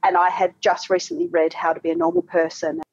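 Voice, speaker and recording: A woman's voice: lowish voice, flat delivery, fast talker, darkish tone, slightly rough, no room sound. A woman telling a casual story as a fan group admin, rambling with many ums and restarts. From Australia. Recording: dry, dull lo-fi sound.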